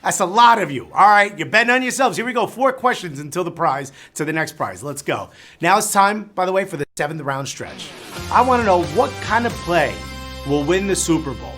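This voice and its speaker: A man's voice: sits high, very animated, fairly quick, pushed and bright, soft background music. A Cuban American man hosting a live trivia game show, reading questions and cracking chatty jokes between them.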